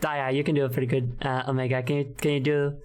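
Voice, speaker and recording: A woman's voice: a bass voice, level tone, quick pace, darkish tone. A woman streamer in casual live-stream chat, rambling and giggling with many fillers. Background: background music.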